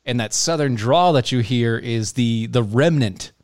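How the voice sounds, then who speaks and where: A man's voice: mid-range voice, measured pace, a little mellow, no room sound, clean studio sound. A man chatting casually on a panel, laughing often and explaining things in restarts. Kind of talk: casual chat.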